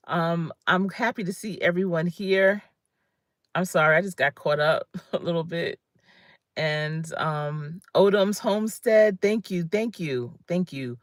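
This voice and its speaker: In clean studio sound with no room noise, a woman in her fifties speaks at medium pitch. A career coach, she leads a conversational, emphatic motivational livestream and says hello to viewers by name.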